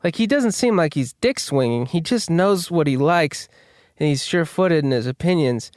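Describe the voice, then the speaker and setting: A man's voice: a little high, lively intonation, normal speed, darkish tone, no echo, studio quality. A male host riffing in a casual, rambling, self-deprecating monologue and swearing freely.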